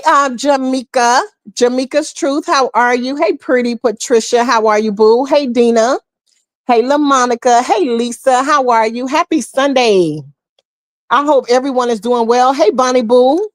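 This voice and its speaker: Woman host, casual and chatty, a touch higher than usual, dry close mic. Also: no echo. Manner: chatty, calls viewers honey and boo. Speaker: live stream host. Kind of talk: casual live chat greeting viewers.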